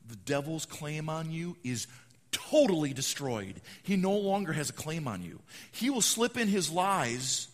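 A man preaching a sermon, acting out quotes and swinging between loud proclamations and hushed asides. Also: a little high, very animated, a little slow. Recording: long hall reverb.

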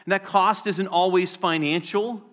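High, bright-voiced preacher in reverberant hall. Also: male voice, fairly even intonation. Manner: earnest preaching, slows down and repeats for emphasis. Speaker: pastor. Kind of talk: sermon.

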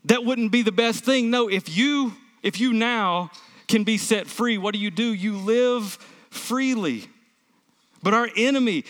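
A man's voice: high voice, fairly bright tone, big-room sound. A male pastor preaching a sermon, emphatic, asking the congregation rhetorical questions and answering them himself.

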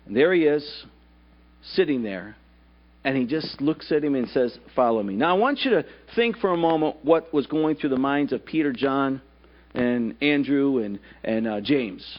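A man's voice: mid-range voice, lively intonation, moderate pace, highs cut off. A male pastor preaching a sermon at a church service, putting rhetorical questions to the congregation.

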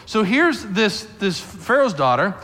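A man preaching a sermon in a church sanctuary, animated and storytelling, often speaking directly to the children. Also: high voice, measured pace. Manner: animated storyteller acting out voices, addressing kids. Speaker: pastor. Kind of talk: sermon to a family congregation.

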